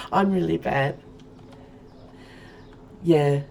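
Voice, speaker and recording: A woman's voice: low voice, sing-song, drawn-out words, creaky, a little mellow, slight background noise. An Australian woman in her forties chatting casually to viewers while she streams a game, rambling as she plays. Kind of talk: casual let's-play chat.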